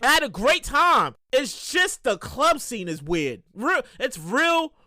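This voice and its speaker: Male podcast host, high lively voice, bright tone, rambling storyteller who acts out voices. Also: takes it slowly, dry recording, clean studio sound. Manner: animated storyteller, acts out voices, repeats himself. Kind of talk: casual solo monologue.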